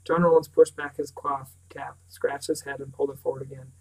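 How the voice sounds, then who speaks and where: A man reads a novel aloud in a steady, unvaried voice of middling pitch. He sits some distance from the microphone, so the sound is a little remote. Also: a little fast, hardly any pauses. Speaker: reader. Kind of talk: audiobook narration.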